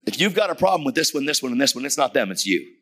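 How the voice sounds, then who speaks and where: A man in his fifties, speaking as a guest preacher, delivers a sermon through a personal story, adding emphasis and acting out the dialogue. His mid-range voice is rapid-fire and fairly bright, with big swings in pitch.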